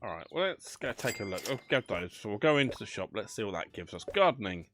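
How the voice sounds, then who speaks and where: A man's voice: on the low side, sing-song, quick pace, fairly bright tone, soft background music. A man chatting casually as he plays a management game, thinking aloud with dry banter. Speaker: gaming channel host. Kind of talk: casual let's play commentary.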